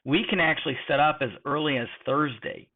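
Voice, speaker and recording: A man's voice: on the high side, fairly even intonation, fairly quick, phone-quality sound. A man co-hosting a podcast, chatting casually late at night, rambling and joking with lots of fillers. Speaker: podcast co-host.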